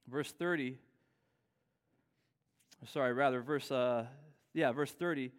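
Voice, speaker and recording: A man's voice: slow, pauses often, smooth. Earnest male preacher in a reverberant hall. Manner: earnest, shifts between soft low lines and raised emphatic ones. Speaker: pastor. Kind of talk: sermon.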